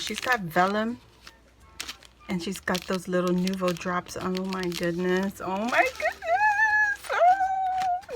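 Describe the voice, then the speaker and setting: A woman gushing as she opens a crafty gift package, exclaiming and laughing breathlessly to her viewers. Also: medium pitch. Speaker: craft vlogger opening happy mail. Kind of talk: excited unboxing chat to camera.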